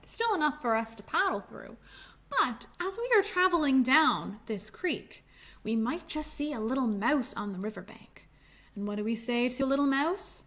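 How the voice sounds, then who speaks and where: A young woman librarian leading a children's storytime, gently encouraging and singing nursery rhymes. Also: sits high.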